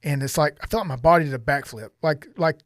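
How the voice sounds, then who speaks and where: A man's voice: on the high side, quick pace, no echo, studio quality. A middle-aged man earnestly telling a personal story on a podcast, rambling and often restarting his sentences. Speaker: podcast guest sharing testimony.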